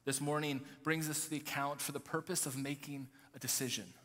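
Male pastor, fairly high voice, deliberate sermon reading, long church reverb. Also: steady tone, a bit bright.

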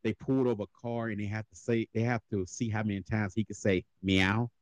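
A man hosting a casual podcast chat, telling stories with lots of laughing and quick impressions. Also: fairly low pitch, no room sound. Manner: animated storyteller, laughs often, mimics voices. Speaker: podcast host.

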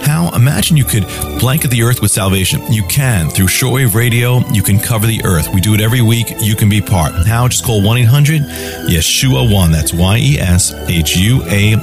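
Animated man preaching on radio. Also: on the low side, normal speed, music in the background. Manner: emphatic repetitive preaching cadence. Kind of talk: radio sermon with on-air offer.

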